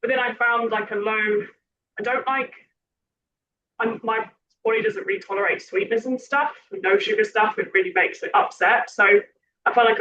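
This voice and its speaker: A woman hosting a podcast, chatting in a rambling, self-correcting way and a little hoarse from losing her voice. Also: medium pitch. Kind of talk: casual podcast chat. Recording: distant muffled mic with background noise.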